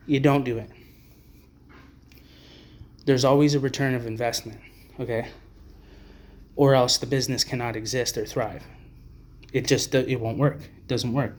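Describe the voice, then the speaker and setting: A man's voice: mid-range voice, a little mellow. A man delivering a profane, blunt, rambling to-camera rant as an advocate for homeless people. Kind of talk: ranting to-camera monologue.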